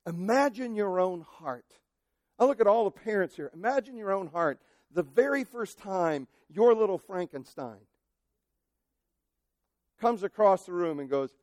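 A male pastor preaching a sermon, impassioned, moving from shouted cries to near-quiet asides. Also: high voice, animated, a little slow, no echo, studio quality.

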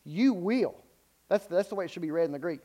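A man's voice: high voice, animated, brisk, dark tone. A man preaching a sermon in an unscripted way, stumbling and repeating words, then building to emphatic peaks.

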